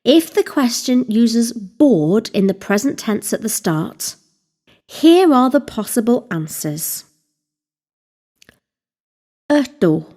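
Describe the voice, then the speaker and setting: Slow, lively-voiced woman teaching Welsh. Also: medium pitch. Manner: slow, deliberate, spelling out vocabulary. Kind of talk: scripted instructional narration.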